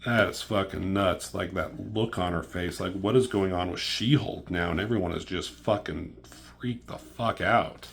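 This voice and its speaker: Man, comic reviewer, casual recap, excitable, swears a lot, somewhat low voice. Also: moderate pace, creaky, hardly any pauses, breathy edge. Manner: profane, excitable, filler-heavy retelling.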